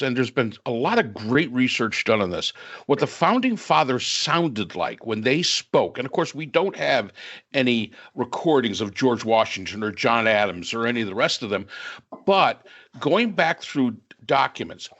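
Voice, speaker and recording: A man's voice: mid-range voice, fairly bright tone. A man talking on a podcast panel in a casual political discussion, opinionated and sarcastic, rambling with restarts. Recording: dull lo-fi sound.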